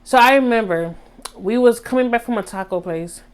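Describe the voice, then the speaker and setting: A young woman vlogger telling a story in a casual, animated way. She talks straight to her viewers in slang, and her voice jumps high for drama. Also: normal speed, smooth. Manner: animated, dramatic retelling with sudden high squeaks.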